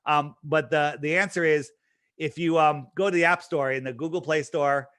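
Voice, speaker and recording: A man's voice: fairly high pitch, steady tone, normal speed, a bit bright, no room sound. A man speaking as an interview guest, talking casually and emphatically, with lots of restarts and fillers. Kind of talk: casual promotional talk.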